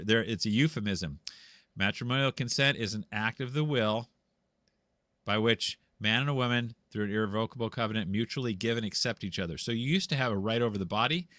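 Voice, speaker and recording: A man's voice: lowish voice, a bit bright, dry recording. A man on a video call from home, explaining church law in a casual, rambling way, full of restarts and repeated words. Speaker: guest explaining canon law. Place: home room with a green screen.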